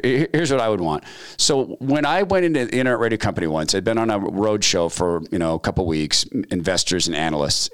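A middle-aged man hosting a talk show, telling anecdotes in casual chat and acting out the dialogue. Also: lowish voice. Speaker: podcast host.

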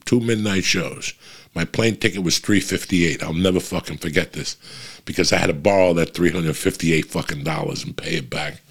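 A comedian from New tells a story on his podcast, swearing constantly. His voice sits very low and comes out rough and raspy, with a gravelly fry at the ends of his phrases. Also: moderate pace. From New Jersey. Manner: blunt and heavily profane, restless and swearing as he tells it.

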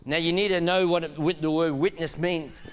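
High-voiced pastor preaching in a church. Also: male voice, moderate pace, smooth, long reverb tail. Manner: animated, laughing, urging the congregation to respond. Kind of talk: sermon.

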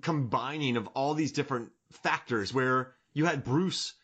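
A man's voice: mid-range voice, a little slow, fairly bright tone, husky. A man in his forties hosting a casual podcast chat, joking and rambling, fond of comic bits. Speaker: podcast host.

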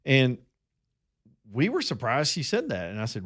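A man's voice: mid-range voice, very animated, normal speed, fairly bright tone, slightly rough. A middle-aged man from Alabama with a Southern accent, hosting a talk radio show and telling a long story in a folksy, rambling way that addresses his listeners as y'all.

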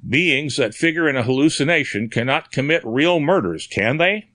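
Voicing a stubborn, insistent newspaper reporter in a storybook reading, a man pitches his medium voice above his own natural register. He sounds expressive, bright and forceful at a moderate pace, in clean studio quality with no room sound.

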